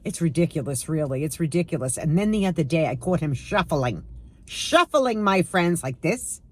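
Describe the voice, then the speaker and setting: A woman's voice: low-pitched, animated, moderate pace. A woman in her sixties chatting casually to camera at home, sarcastic and emphatic as she tells stories. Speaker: lifestyle vlogger.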